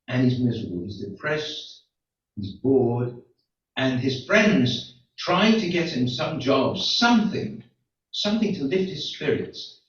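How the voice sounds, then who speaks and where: A man's voice: medium pitch, slight background noise. An older man, a rabbi, telling jokes to his congregation in a rambling, chatty way with asides. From outside the United States. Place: synagogue hall. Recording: echoey hall, distant, dull room mic.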